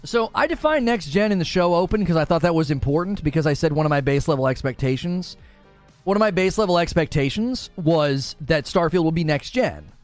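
A young man doing casual livestream commentary on games, animated and exasperated. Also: on the high side, faint music behind. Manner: animated, exasperated, quick retorts. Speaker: gaming streamer.

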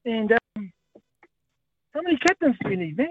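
A man's voice: extremely high pitch, very animated, moderate pace, breathy edge. A man calling a talkback show, rambling in a friendly way. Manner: rambling, friendly, trailing off quietly. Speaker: caller. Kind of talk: casual phone-in chat. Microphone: phone. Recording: dry tinny phone line.

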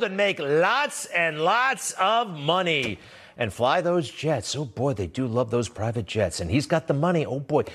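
A man's voice: medium pitch, breathy edge. A man hosting a political commentary show, talking in a sarcastic, emphatic monologue full of rhetorical questions. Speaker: commentary host.

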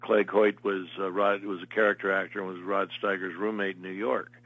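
A man's voice: low-pitched, level tone, fairly quick, dry recording, narrow, tinny audio. An older man, an actor, telling long meandering stories as an interview guest. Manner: meandering anecdotal storyteller. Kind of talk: casual interview storytelling.

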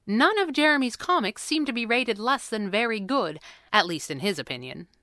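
A woman narrating a storybook in an even, measured way. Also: a little high, no echo, clean studio sound. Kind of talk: storybook reading.

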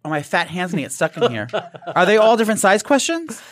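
A man chatting casually with a co-host, campy and self-deprecating, talking in an animated way. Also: high-pitched, quick pace, a little hiss or hum. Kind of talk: casual chat.

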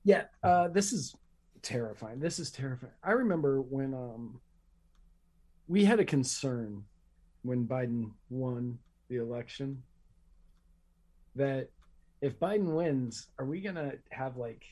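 A man's voice: medium pitch, animated, a little slow, long pauses, mellow. A man co-hosting a podcast who speaks earnestly and emphatically and often repeats his points. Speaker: podcast co-host. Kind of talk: casual chat.

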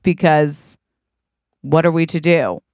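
Lady cohost telling a goofy made-up farm story, slow and lively, kinda low voice. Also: no room sound, clean studio sound. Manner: animated, drawn-out storytelling with fillers. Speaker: podcast co-host. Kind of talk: improvised comedy storytelling.

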